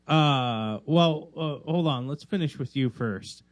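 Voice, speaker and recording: A man's voice: fairly high pitch, takes it slowly, dry recording. A young man co-hosting a podcast in casual chat, rambling and riffing on silly jokes. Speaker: podcast co-host.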